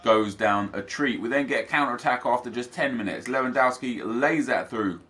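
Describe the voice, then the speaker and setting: Bright-voiced young gaming commentator. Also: male voice, medium pitch, moderate pace. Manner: chatty, upbeat, recapping matches to viewers. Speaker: gaming YouTuber. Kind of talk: casual gameplay commentary.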